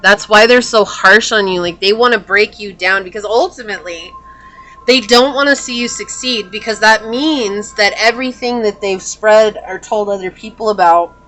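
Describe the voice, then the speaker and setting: A tarot reader talks through a spread in a loose, chatty way, her mid-range voice bright and forceful at a moderate pace. She leans on fillers and restarts and breaks off now and then for hiccups. Slight background noise can be heard.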